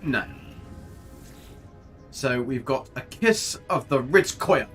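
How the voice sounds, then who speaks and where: A man's voice: medium pitch, lively intonation, slow, fairly bright tone. Chatty man streaming a game. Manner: chatty, jokey, rambling, reads chat aloud. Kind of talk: casual live-stream commentary. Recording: faint music behind.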